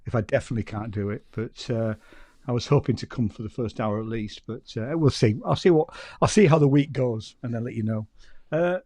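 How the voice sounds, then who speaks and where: A man's voice: medium pitch, brisk, a little mellow, dry recording. A man with a Yorkshire accent, a podcast guest telling rambling, self-deprecating stories in casual chat. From York, England.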